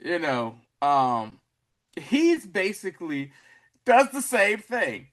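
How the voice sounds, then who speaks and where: A man's voice: high voice, takes it slowly. A man hosting a podcast, recapping a TV episode in casual chat and acting out the scenes. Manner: animated, acts out scenes. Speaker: podcast host.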